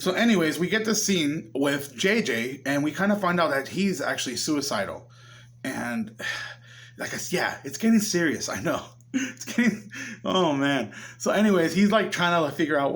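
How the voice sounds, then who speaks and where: A man's voice: medium pitch, fairly bright tone. A young man casually recapping a movie in a chatty way, often acting out what the characters say. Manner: chatty, acts out the characters' lines. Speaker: movie reviewer.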